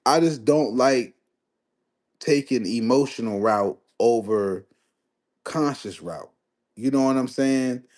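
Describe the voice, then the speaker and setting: A young man hosting a casual live stream, talking sports in a slangy, animated way and answering his chat. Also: mid-range voice. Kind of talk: casual livestream sports commentary.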